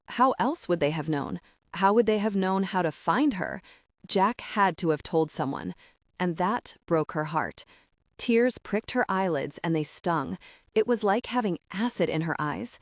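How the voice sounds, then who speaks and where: A woman's voice: on the low side, expressive, measured pace, no room sound, clean studio sound. Woman narrating a romance audiobook.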